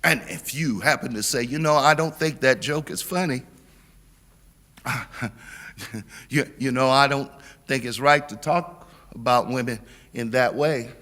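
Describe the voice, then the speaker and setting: A middle-aged man giving a sermon as guest preacher, with a preaching cadence, repeated words and a build to shouting. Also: mid-range voice, unhurried, long pauses. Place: church sanctuary. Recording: long church reverb.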